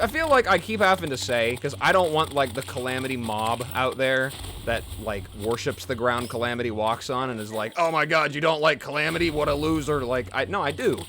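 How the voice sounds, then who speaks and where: A man's voice: medium pitch, fairly bright tone, a little hiss or hum. A young man casually commenting on the video game he is playing, chatty and rambling as he goes. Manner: rambling, chatty, self-deprecating. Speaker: gaming let's play host.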